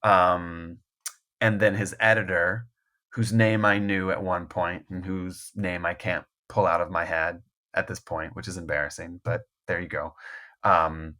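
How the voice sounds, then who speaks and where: A man's voice: low-pitched, flat delivery, measured pace, bright, forceful tone. A man speaking as a guest author in a casual podcast conversation, rambling and self-deprecating, full of restarts and laughing often. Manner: laughs often mid-thought.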